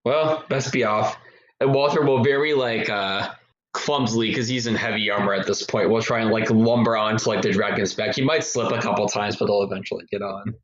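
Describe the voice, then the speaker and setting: A man playing a tabletop game, relaxed, describing his character's actions. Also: on the low side, fairly quick. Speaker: player. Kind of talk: casual tabletop play chat. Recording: roomy lo-fi mic.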